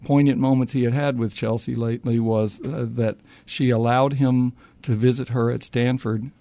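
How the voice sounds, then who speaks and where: A man's voice: medium pitch, steady tone, normal speed, creaky, warm tone, dry recording. A man, an author answering interview questions with many restarts and fillers. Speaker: author and historian.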